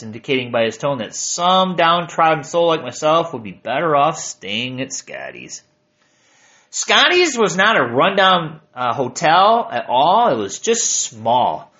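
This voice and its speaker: Wry man with a bright, lively voice. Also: a little high, unhurried, muffled recording. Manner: wry, self-mocking humor. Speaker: narrator. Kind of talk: reading a hiking journal aloud.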